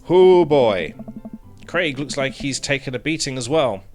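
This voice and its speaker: A man's voice: medium pitch, brisk, fairly bright tone, soft background music. A man streaming a game, reading its text aloud with joking, wry asides.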